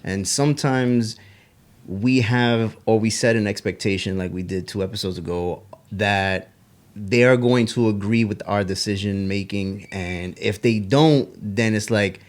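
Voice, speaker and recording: A man co-hosting a casual podcast chat, talking in halting bursts with restarts. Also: on the low side. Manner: halting, restarts, laughs at own slips. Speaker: podcast co-host.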